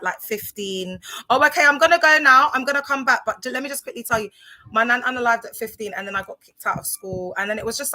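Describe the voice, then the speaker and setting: On a phone-camera livestream for social media, a woman in her 30s rambles casually to her audience, using plenty of fillers. Her fairly high voice sounds pushed and bright.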